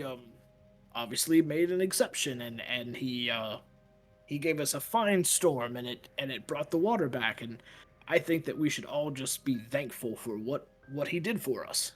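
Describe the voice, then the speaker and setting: A man's voice: medium pitch, lively intonation, normal speed, soft background music, close to an everyday voice. A man playing a stammering nervous priest. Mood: evasive. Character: nervous evasive male priest.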